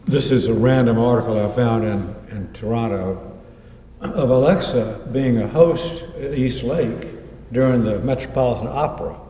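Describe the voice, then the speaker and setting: A man gives an author's talk, trading anecdotes and quoting others in his own voice. His tone is dark and mellow. He is heard from a distance in a roomy, echoing hall. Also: medium pitch, moderate pace, a little hiss or hum. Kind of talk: lecture with slides. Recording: echoey hall, mic far off.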